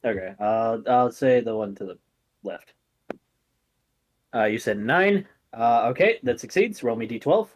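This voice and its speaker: A male game master calls rolls and narrates a superhero tabletop game. He talks casually with lots of fillers, and his pitch moves around a lot. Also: lively intonation, unhurried, long pauses.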